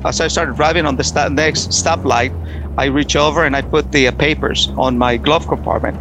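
Man, personal testimony storyteller, slightly high voice, earnest and emotional, loose retelling with restarts. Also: fairly even intonation, normal speed, noisy background. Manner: earnest, emotional, repeats himself. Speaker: testimony speaker.

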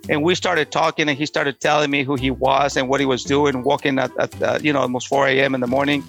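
A middle-aged man earnestly telling a personal story, halting often and restarting his sentences. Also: mid-range voice, level tone, vocal fry, a bit bright, faint music behind. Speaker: storyteller sharing a personal testimony.

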